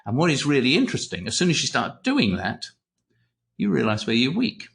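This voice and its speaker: An older man, a retired clinical psychologist, chatting as an interview guest and telling animated anecdotes, often repeating words and swearing. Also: medium pitch, a little fast, gravelly. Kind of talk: casual interview storytelling.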